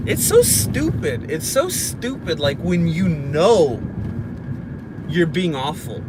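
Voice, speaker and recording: A man in his thirties telling a story in a casual vlog from his car, dramatic and self-mocking. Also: fairly high pitch. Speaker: vlogger. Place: inside a car. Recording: car and street noise.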